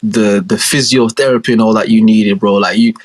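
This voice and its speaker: A young man co-hosting a podcast, chatting casually in animated, slang-heavy banter full of swearing. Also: lowish voice, fairly quick. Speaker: podcast co-host. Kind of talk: casual chat.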